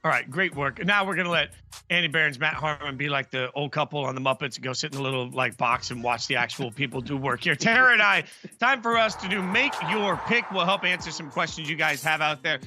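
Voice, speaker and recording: A man's voice: fairly high pitch, fairly quick, sharp tone, faint music behind. A man hosting a fantasy football show in a playful, joking way. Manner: jokey, playful. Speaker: host.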